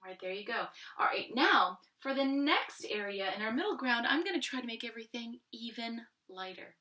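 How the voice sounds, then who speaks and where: A woman teaching a children's art lesson step by step, gently encouraging and thinking aloud as she colors with crayons. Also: fairly high pitch, expressive, fairly quick, reverberant, far from the mic, rough recording.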